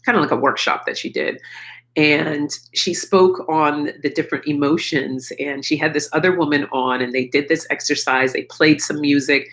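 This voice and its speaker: Frank middle-aged woman with a gravelly voice. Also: sits low, normal speed, a bit bright, low-quality recording. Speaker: livestream host. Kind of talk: candid live chat.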